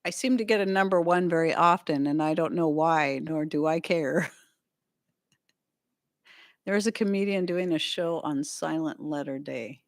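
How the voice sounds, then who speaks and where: Hosting a casual livestream at home, this woman speaks in a low voice at a moderate pace. Her chat with viewers is loose and laughter-filled, and she keeps wandering off on tangents.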